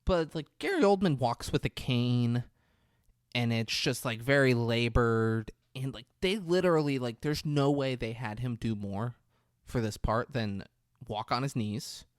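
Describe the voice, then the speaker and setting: Animated man recapping a movie. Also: medium pitch, clear, resonant tone, dry recording, studio quality. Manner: animated, crude, acts out scenes in quick mimicry. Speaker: podcast co-host. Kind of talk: casual chat recapping a movie.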